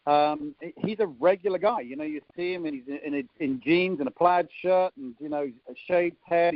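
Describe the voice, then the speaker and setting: A man in his fifties with an English accent, hosting a conference call interview in a chatty, teasing way with lots of ums. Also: a little high. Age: 50s. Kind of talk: casual chat, jokey introduction. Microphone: phone line on a conference call. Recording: dull dry phone-line sound.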